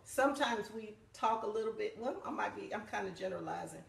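A woman's voice: mid-range voice, lively intonation, a little fast, gravelly, recorded from a distance. A bubbly, talkative woman co-hosting a casual live morning chat from her home. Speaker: co-host of a live morning church talk. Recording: echoey room.

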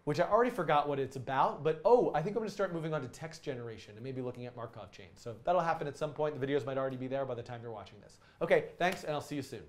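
A man's voice: medium pitch, rapid-fire, hardly any pauses. A man hosting a casual coding live stream, talking students through project ideas in a rambling, enthusiastic way with many ums and restarts.

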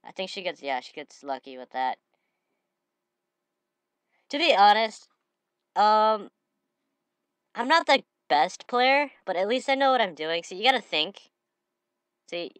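Excitable woman commenting on her gameplay. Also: fairly low pitch, clean tone, no echo. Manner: excitable, bursts into shouted trash talk. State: slightly sniffly from a cold. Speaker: gamer.

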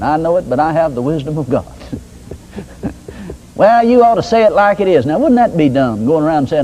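A man's voice: on the high side, animated, normal speed, dark tone, slight background noise, poor audio. An older man preaching a sermon in a folksy, conversational way with homespun examples. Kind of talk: sermon teaching.

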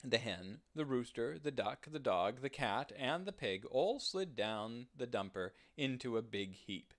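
Slow, lively man reading a children's story. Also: medium pitch. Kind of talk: children's storybook read-aloud.

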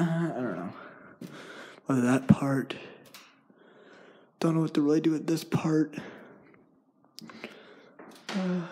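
A young man talks his way through a casual vlog, filming himself in an empty house. He rambles, restarts often and leans on fillers. His pitch sits at an everyday middle level. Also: darkish tone. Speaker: vlogger. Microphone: handheld device.

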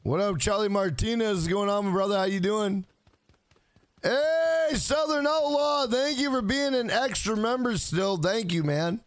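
A man's voice: high voice, measured pace, no echo. A man live-streaming a video game, swearing often and greeting viewers in chat by name. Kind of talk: live gaming stream commentary.

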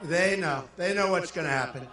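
Older man shouting a rally speech in an echoey hall. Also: high voice, a little fast, far from the mic, soft background music. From New York. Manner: boastful, rambling, shouts lines to the crowd. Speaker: political candidate at a rally. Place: large indoor arena.

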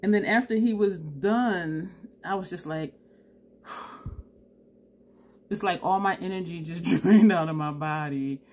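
A woman's voice: lowish voice, unhurried, long pauses, a little mellow. A tired woman, telling a story to camera in a chatty way, laughing often and acting out both sides of the conversation. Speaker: beauty vlogger.

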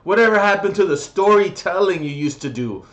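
A man's voice: high-pitched, animated, brisk, fairly bright tone, lo-fi sound. A young adult man vlogging a comedic, profane rant reviewing music, mocking and exasperated.

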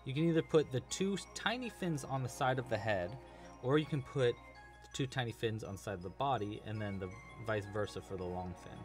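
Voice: mid-range voice, animated, fairly quick, faint music behind. A crochet teacher hosting a casual live crochet-along, chatty and enthusiastic, rambling a bit with restarts. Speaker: crochet teacher and livestream host.

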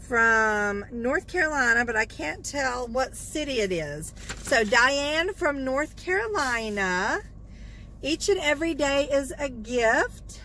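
A woman's voice: high voice, sharp tone, slight background noise, low-quality recording. A woman vlogger chatting casually from her parked car as she opens fan mail, gushing and repeating her thanks. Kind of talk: casual chat.

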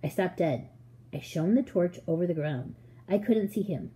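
A woman narrates a children's storybook aloud with expressive, measured pacing. Her voice is mellow and warm. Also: on the low side, rough recording. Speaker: audiobook reader.

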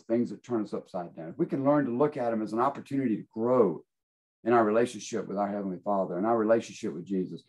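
A man preaching a devotional sermon in an earnest way, reading scripture aloud and repeating phrases with pauses. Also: medium pitch, a little mellow, low-quality recording.

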